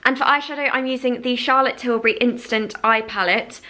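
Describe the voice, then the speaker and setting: A young woman, chatting casually through a makeup tutorial at home by a window, with lots of "like" and soft laughs. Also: fairly high pitch, a little fast. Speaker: beauty vlogger.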